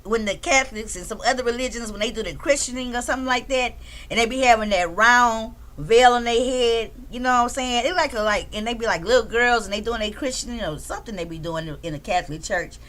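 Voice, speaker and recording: Chatty high-voiced woman streamer. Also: fast talker. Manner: chatty, shouts out chat members, swears freely. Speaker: livestream commentary host. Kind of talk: casual livestream commentary.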